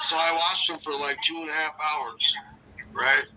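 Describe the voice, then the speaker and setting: A man's voice: wildly swooping pitch, normal speed, gravelly, very noisy. A man hosting a podcast, telling a rambling, profane story from northern Michigan in a loose, casual way. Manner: rambling, profane, acts out voices with big jumps in pitch. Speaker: podcast host.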